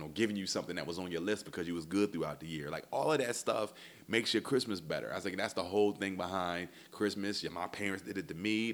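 A man hosting a podcast, telling a casual story in a blunt, profane way, and jumping up high when he imitates his kids. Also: a bit bright. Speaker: podcast host.

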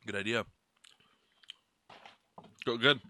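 A man's voice: mid-range voice, takes it slowly, sharp tone, slight background noise. A young man co-hosting a casual snack taste-test vlog, loose and profane, with mumbled asides. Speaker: vlog co-host.

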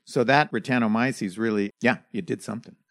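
Low-voiced man asking questions. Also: a little fast. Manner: inquisitive, checks facts with his partner. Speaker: podcast co-host. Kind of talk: casual beer chat.

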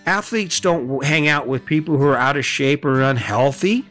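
A man's voice: medium pitch, lively intonation, normal speed, a bit bright, soft background music. A middle-aged man hosting a podcast, giving a blunt motivational monologue full of rhetorical questions and swearing. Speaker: podcast host.

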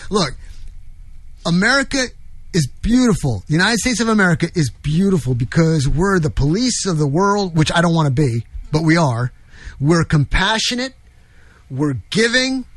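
Guy hosting a talk show, fired up and preachy, bit higher voice, dry close mic. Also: fairly bright tone, dry recording. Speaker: show host. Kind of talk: opinionated talk show discussion.

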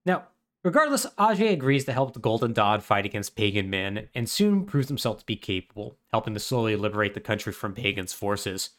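A fairly low-pitched male voice, very animated, a little fast and a bit bright. He's a podcast co-host walking through a video game's plot in casual chat, full of fillers and dry humor.

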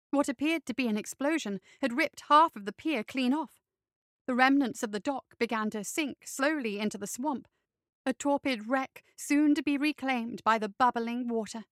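A woman reads a fantasy story aloud in a steady, even voice. Her tone is bright and crisp, a little high, recorded close and dry with no room sound. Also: no room sound. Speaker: narrator. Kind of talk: storybook reading.

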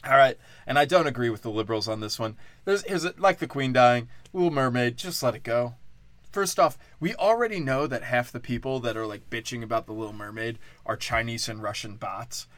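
A man's voice: mid-range voice, a little fast, fairly bright tone, no room sound. Guy on a comedy podcast going off, swearing a ton, sarcastic, loses his train of thought, dead dry mic. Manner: crude, profane, sarcastic; off-the-cuff, loses his thread. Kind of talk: rambling comedic rant.

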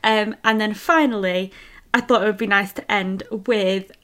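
A young woman, co-hosting a podcast. She talks in loose, chatty runs and laughs easily, often restarting a sentence mid-thought. Her voice sits at an ordinary middle pitch. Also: steady tone, moderate pace, fairly bright tone. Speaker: podcast co-host. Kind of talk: casual chat.

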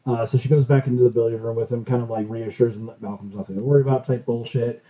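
A man's voice: medium pitch, steady tone, fast, mellow, highs cut off. A man casually recapping a film in loose, profane chat.

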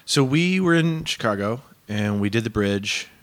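A man's voice: fairly low pitch, expressive, normal speed. A man on a podcast, telling a shared story in casual chat and breaking into giggles. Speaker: podcast host.

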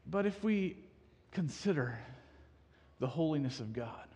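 A man's voice: on the high side, expressive, measured pace, darkish tone, husky, long reverb tail. A man in his thirties preaching a sermon, earnestly asking the congregation questions and often restarting his sentences. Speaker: pastor.

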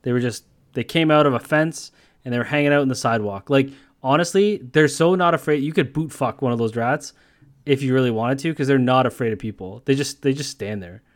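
A man's voice: medium pitch, fairly quick. A man co-hosting a podcast, telling long rambling stories in casual chat and swearing freely. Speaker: podcast co-host.

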